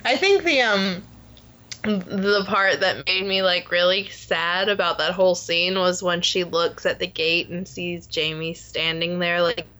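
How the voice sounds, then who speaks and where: A woman co-hosting a casual TV recap chat, telling the story in an animated way and laughing often. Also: lowish voice, a little slow. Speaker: podcast co-host.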